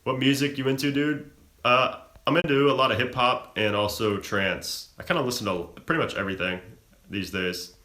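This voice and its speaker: A man's voice: mid-range voice, moderate pace, sharp tone, echoey room. A young man hosting a live stream, reading out viewer questions from chat and answering them casually. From Florida-born, raised in Chicago.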